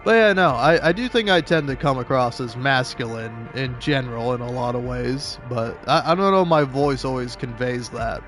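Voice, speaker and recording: A man's voice: medium pitch, moderate pace, few pauses, fairly bright tone, soft background music. A man in his twenties, a gaming streamer who chats casually, rambling and stammering and laughing often. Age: 20s. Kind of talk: casual chat while playing.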